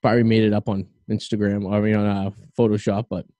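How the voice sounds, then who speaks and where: Mellow-voiced man hosting a podcast. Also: on the low side, little pitch movement, quick pace, no echo, lo-fi sound. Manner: rambling, opinionated, with lots of fillers. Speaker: podcast host. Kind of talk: casual podcast chat.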